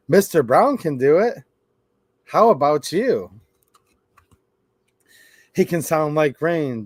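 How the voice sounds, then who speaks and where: A man's voice: fairly high pitch, very animated, slow, pauses often, no room sound, clean studio sound. A man hosting a live stream, reading a children's rhyme book aloud in a playful sing-song way.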